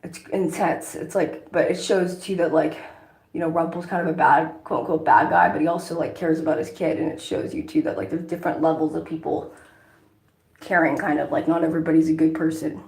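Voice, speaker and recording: A woman vlogger talks in a loose, rambling way while doing makeup, swearing freely. Her voice is low and gravelly. The recording rings with the echo of a bare room. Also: steady tone, brisk, darkish tone. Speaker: vlogger, songwriter. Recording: echoey room.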